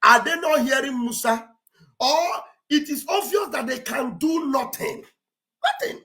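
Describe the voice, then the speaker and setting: Shouting, sarcastic high-voiced woman. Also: measured pace. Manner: sarcastic, shouting and wailing in mock despair. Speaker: online show host. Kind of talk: mocking live-stream commentary. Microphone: live-stream setup.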